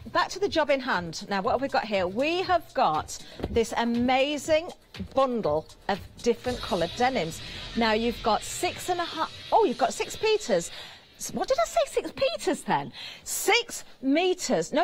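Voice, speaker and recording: A British woman presenting on a live TV shopping channel, chatty and giggly as she banters with the crew, her voice slightly hoarse. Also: a little high. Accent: British English. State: slightly hoarse, throat catching.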